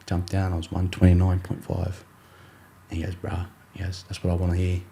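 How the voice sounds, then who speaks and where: A young Australian man with a low, warm voice tells his story in a relaxed interview. He rambles through fillers and restarts and slips into his coach's voice when quoting him. The delivery stays easy-going and conversational. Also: brisk, gravelly, slight background noise. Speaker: rugby league player, podcast guest.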